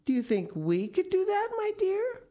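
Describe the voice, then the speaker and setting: A woman voicing a frightened tiny wife whose arms have turned to duck wings, with shrill, sobbing cries. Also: huge pitch swings, moderate pace, mellow, full character voice. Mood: fussing.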